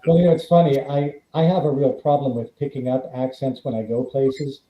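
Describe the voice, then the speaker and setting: Here the California guest, an actor and writer, talks briskly in a mid-range voice with slight background noise. In this casual interview chat he brings his anecdotes to life by voicing the characters, and the remote recording is dull and roomy.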